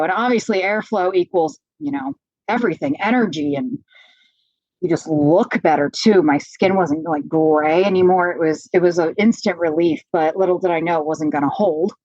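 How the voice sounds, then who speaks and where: A woman's voice: on the low side, no echo. A woman from Pennsylvania, a podcast guest telling her own story frankly and with animation. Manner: frank, animated retelling, many fillers. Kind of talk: candid personal storytelling. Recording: slightly dull, dry lo-fi audio.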